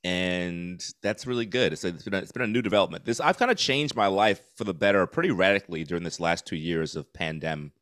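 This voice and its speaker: Guest spot: man in his 40s, low resonant voice, dry close sound, candid and rambling. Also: a little fast, hardly any pauses, fairly bright tone, no room sound. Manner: candid, laughs easily, rambling with fillers. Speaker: comedian guest. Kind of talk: casual podcast chat. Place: New York City.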